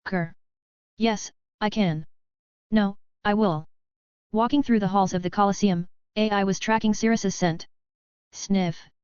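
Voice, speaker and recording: A woman's voice: medium pitch, a little mellow, clear, resonant tone, no room sound, muffled recording. A woman giving a scripted novel narration, reading evenly and steadily. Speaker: audiobook narrator.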